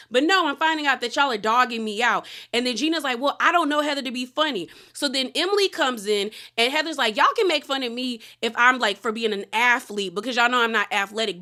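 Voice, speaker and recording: A woman casually recapping a reality show episode, retelling scenes with slangy asides and quoted lines. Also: fairly high pitch. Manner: animated retelling, quoting cast members with slangy asides.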